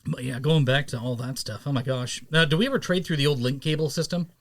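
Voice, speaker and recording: A man in his thirties hosting a podcast, telling stories in a rambling, animated, casual way and swearing now and then. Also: medium pitch, quick pace. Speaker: podcast host. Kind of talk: casual chat.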